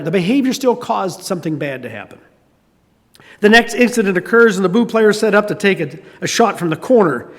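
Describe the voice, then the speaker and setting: A man's voice: high-pitched, big-room sound. An older man preaching a sermon, telling a story with conversational asides. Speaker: pastor.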